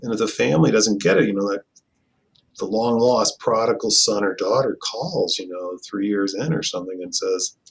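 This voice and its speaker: Middle-aged male therapist, low register with a gravelly edge, earnest conversational storyteller. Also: moderate pace. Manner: earnest, reflective, often drops to a soft low voice. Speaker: family therapist and trainer.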